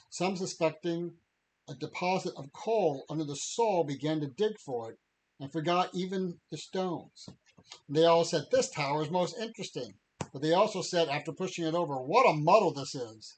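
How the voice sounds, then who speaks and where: A man co-hosting a podcast, chatting and reading passages aloud in a measured, steady way. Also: a little high, slight background noise, rough recording. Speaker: podcast co-host.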